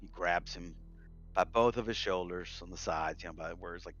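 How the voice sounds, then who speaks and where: A man's voice: low voice, moderate pace, a bit bright, muffled recording. A man running a tabletop game as game master, narrating in a laid-back, rambling way with lots of fillers, over faint music.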